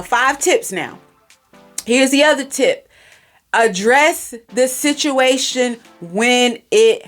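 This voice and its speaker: A woman hosting a podcast, giving casual, direct parenting advice and repeating herself for emphasis. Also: high voice. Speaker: podcast host. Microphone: recorded for podcast and video, facing camera.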